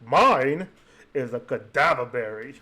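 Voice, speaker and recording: A man's voice: mid-range voice, lively intonation, a little slow, bright, forceful tone. A man voicing a cocky, cheerful male gnome in a tabletop game, chatty and boastful.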